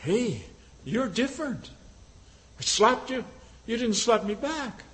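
Preacher doing a Roman soldier, man, hushed, marveling, high voice. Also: big pitch swings, slow pace, heavily acted. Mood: amazed. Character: gruff Roman soldier, man, grown, astonished.

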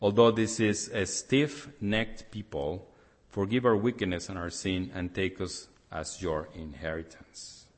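A man preaching an evening sermon, reading scripture loudly and emphatically, then dropping soft for a quiet appeal. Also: low voice, fairly even intonation, measured pace. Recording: long reverb of a large hall.

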